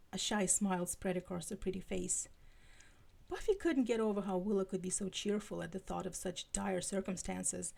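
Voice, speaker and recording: A woman reads fan fiction aloud on a live stream, her voice gravelly and mid-pitched. She breaks off now and then for casual, apologetic asides. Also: normal speed, darkish tone. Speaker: live-stream fanfiction reader.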